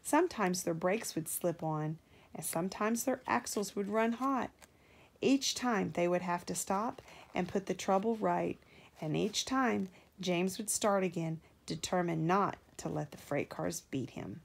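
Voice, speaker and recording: A woman reads a children's picture book aloud at a slow, unhurried pace. She sits at a middle pitch and lifts her voice whenever a character speaks. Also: creaky, slightly rough. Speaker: parent reading aloud.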